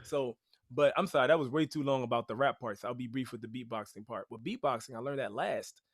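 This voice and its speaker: A man guest on a podcast, telling stories in an animated, chatty way with lots of "like" and "you know". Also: mid-range voice, fast, husky. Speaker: podcast guest, rapper and teaching artist. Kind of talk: casual storytelling.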